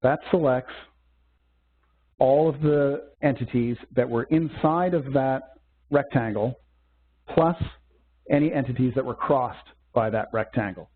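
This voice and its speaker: A man teaching a software demo in a webcast, walking through steps methodically with small fillers. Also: medium pitch, measured pace, long pauses, breathy edge. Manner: methodical step-by-step explaining with fillers. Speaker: software instructor. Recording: tinny phone-like webcast audio.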